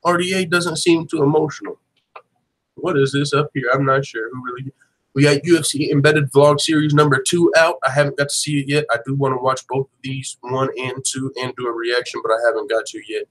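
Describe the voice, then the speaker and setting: A man hosting a daily MMA show, talking in casual live commentary with slangy, profane, animated banter. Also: medium pitch, a little fast, poor audio.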